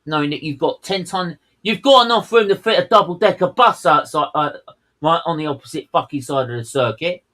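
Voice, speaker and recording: A man's voice: fairly high pitch, brisk, bright, forceful tone, low-quality recording. Fuming man ranting over a race. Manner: heated, swearing, fuming outbursts. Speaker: co-host of a race watchalong. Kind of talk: live race commentary rant.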